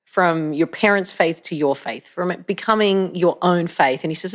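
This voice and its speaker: Animated woman pastor telling stories. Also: on the low side, normal speed. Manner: animated, laughing, many restarts. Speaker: guest, co-lead pastor. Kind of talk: casual conversational storytelling.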